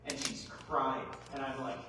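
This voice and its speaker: A middle-aged man giving a farm workshop talk, folksy and animated, full of rhetorical questions. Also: mid-range voice, measured pace, slight background noise. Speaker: agronomy speaker. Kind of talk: workshop presentation. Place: large hall. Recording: echoey hall, mic far off.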